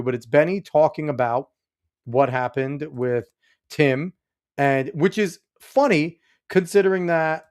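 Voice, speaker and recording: Male host for a casual reaction stream: rambling, easily riled, middle-pitched voice. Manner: rambling, exasperated, talks back at chat and the clip. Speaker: podcast host reacting to a clip. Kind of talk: casual livestream reaction commentary.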